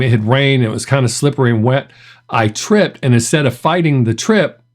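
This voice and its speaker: A middle-aged man hosting a reaction video, telling stories in a chatty way and laughing often. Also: mid-range voice. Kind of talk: casual reaction commentary.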